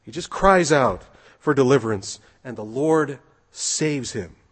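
A man delivering a sermon in a husky, slightly breathy voice. He preaches earnestly, reads scripture aloud and presses his points with rhetorical questions. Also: medium pitch, expressive, unhurried.

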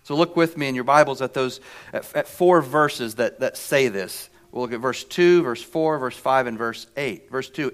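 A man preaching a sermon in a deliberate, emphatic way, often repeating a word before he carries on. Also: medium pitch.

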